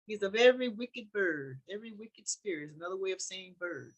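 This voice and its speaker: A woman's voice: mid-range voice, animated, fairly quick, poor audio. A woman leading a Bible study, reading a text aloud and commenting in a loose, conversational way that thinks aloud as she goes.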